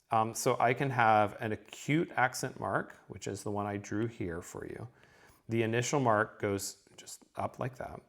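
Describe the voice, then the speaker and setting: A man's voice: mid-range voice, fairly bright tone. A man teaching a recorded lesson, explaining step by step with frequent ums and a checking "okay?".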